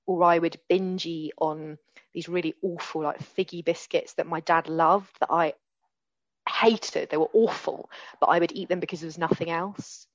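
Woman in her 40s, low voice, earnest testimony, dry dull-sounding recording. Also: fairly even intonation, normal speed, no room sound. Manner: candid, earnest, with frequent restarts. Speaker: recovery speaker. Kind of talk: personal testimony.

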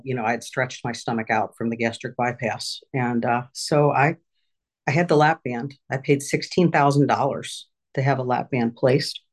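Candid middle-aged woman sharing her recovery. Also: a bass voice. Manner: candid, halting, many fillers and restarts. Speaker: recovery meeting speaker. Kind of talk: personal recovery share at a support meeting. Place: her home office.

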